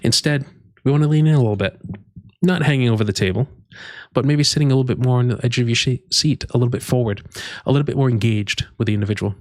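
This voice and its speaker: A man presenting career advice in an unhurried, measured way, with frequent fillers and restarts. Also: medium pitch, no echo, clean studio sound. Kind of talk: instructional talk to camera.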